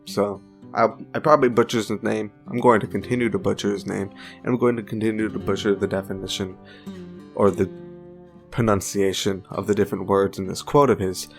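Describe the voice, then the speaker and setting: A man's voice: lowish voice, steady tone, brisk, creaky, faint music behind. A man giving a casual opinion monologue for a video, informal and chatty with joking side remarks. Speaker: video commentator.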